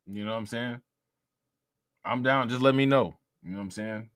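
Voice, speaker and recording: Clean studio sound with no room tone carries a man's gravelly, medium-pitched, slightly bright voice. He's hosting a live stream, chatting loosely with profanity, frequent laughter, and repetition.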